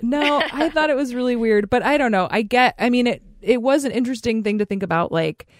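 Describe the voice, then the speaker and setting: A woman's voice: on the high side, brisk, no echo, clean studio sound. Chatty woman hosting a podcast. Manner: chatty, lots of fillers and laughter. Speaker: podcast host. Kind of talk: casual chat.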